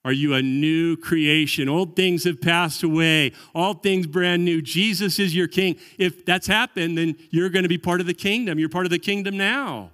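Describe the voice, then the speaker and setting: A man preaching a sermon as pastor, earnest, dropping softer when he voices quoted prayers. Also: sits high, steady tone, normal speed, few pauses, smooth, long reverb tail.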